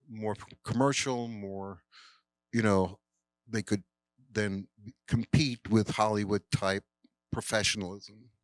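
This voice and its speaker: At a live Q&A in a cinema, an older film director tells a rambling anecdote full of fillers and quoted voices, casual storytelling in a fairly low-pitched voice. The recording is dry.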